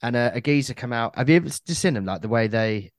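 A man's voice: medium pitch, animated, fast talker, dry recording, clean studio sound. A man co-hosting a podcast, telling stories in a rambling, sweary way with many restarts. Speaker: podcast co-host. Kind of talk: casual chat.

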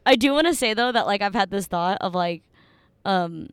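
A woman's voice: medium pitch, animated, moderate pace, clear, resonant tone, dry recording. A woman co-hosting a podcast in casual chat, easygoing and laughing often. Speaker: podcast co-host.

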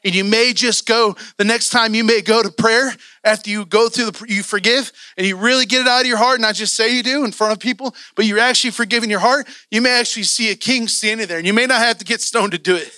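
A man's voice: sits high, steady tone, fast, hardly any pauses, pushed and bright, clean tone, no room sound, studio quality. A man in his thirties preaching a sermon in a church, impassioned and urging his listeners on.

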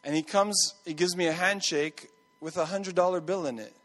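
A man's voice: high voice, fairly even intonation, normal speed, fairly bright tone, in a large hall, a little hiss or hum. A man in his thirties preaching a sermon, telling a personal story in a conversational way and repeating his key phrases. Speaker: pastor.

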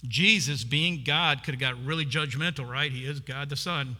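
Here the preacher's voice is medium in pitch, pushed and bright, moving at a moderate pace. He narrates a scripture story and performs its characters, the woman's voice among them. The sound carries a long hall reverb.

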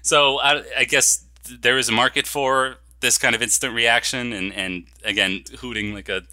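A man's voice: mid-range voice, fairly even intonation, moderate pace, bright, forceful tone, dry recording. A man co-hosting a podcast in casual chat, sarcastic and laughing often as he reads quotes with mock gusto. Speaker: podcast co-host.

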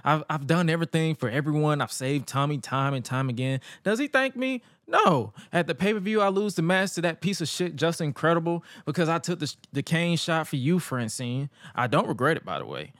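A man's voice: fairly high pitch, lively intonation, fairly quick, hardly any pauses, fairly bright tone, no echo, clean studio sound. A man putting on a self-pitying male wrestler who complains that nobody thanks him, in casual podcast talk. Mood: bitter whining. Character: brooding male wrestler whining about thanks.

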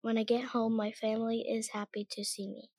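A young girl reading her own made-up adventure story aloud, in an earnest, halting way. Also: fairly high pitch, little pitch movement.

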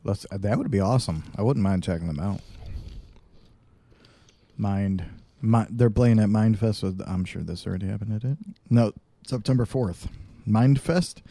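A man's voice: lowish voice, moderate pace, long pauses, mellow, no room sound. A man co-hosting a podcast in casual chat, rambling and correcting himself as he talks. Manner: rambling, self-correcting, loose. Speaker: podcast co-host.

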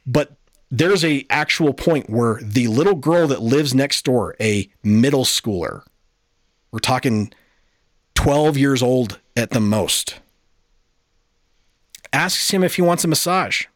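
A man's voice: mid-range voice, lively intonation, takes it slowly, pauses often, no echo, studio quality. A man hosting a podcast, giving a casual, exasperated and profane review rant. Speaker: podcast host.

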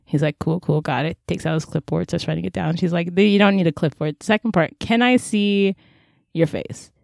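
A woman chatting casually as she recaps a story. She jumps into quick character voices for the quotes and keeps the pace going. The sound is close and dry, with no room around it. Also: lowish voice, creaky, a little mellow, no echo. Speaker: podcast co-host recapping a drama. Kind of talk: casual chat.

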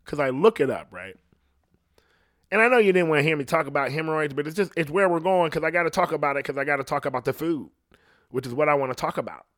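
A man's voice: on the high side, fast talker, fairly bright tone, no echo, studio quality. A man from Ohio hosting a solo podcast, rambling in a profane, casual monologue and often asking "you know what I mean". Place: at home alone.

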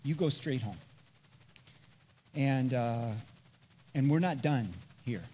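A man's voice: mid-range voice, takes it slowly, warm tone, in a large hall, pitched below the performer's own voice. A man voicing an angry male police officer who keeps accusing a teenager of lying, told within a sermon story. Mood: stern. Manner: gruff, accusing repeated questions.

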